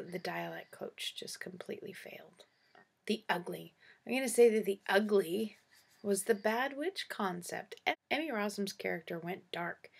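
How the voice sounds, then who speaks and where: Gravelly-voiced woman giving a movie review. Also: mid-range voice. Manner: chatty, opinionated, sarcastic asides. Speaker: movie reviewer, show host. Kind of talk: casual spoken movie review.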